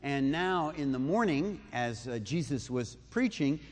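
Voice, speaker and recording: A man's voice: medium pitch, expressive, unhurried, big-room sound. A man preaching a sermon, retelling a story conversationally with asides and questions to the listeners. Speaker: pastor.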